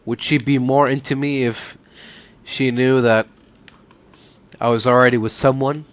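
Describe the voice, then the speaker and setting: Slow, easygoing male game streamer. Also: medium pitch, smooth. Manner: relaxed, rambling with fillers and restarts. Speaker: let's play host. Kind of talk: casual gameplay commentary.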